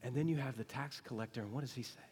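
A man's voice: medium pitch, racing, darkish tone, a little hiss or hum. A man preaching a sermon to a congregation, talking it through in a conversational way and often asking the people questions. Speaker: pastor. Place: church sanctuary. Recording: long reverb of a church hall.

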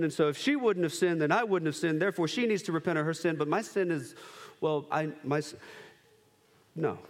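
A man in his thirties preaching a sermon, animated, acting out quick voices of kids and himself. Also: medium pitch. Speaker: pastor. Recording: long hall reverb.

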